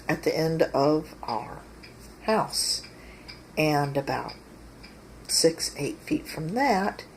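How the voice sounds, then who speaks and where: A woman casually telling an amused, unhurried anecdote outdoors by her porch while she films herself. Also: sits low, creaky, darkish tone, slight background noise, rough recording. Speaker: vlogger. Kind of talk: casual storytelling.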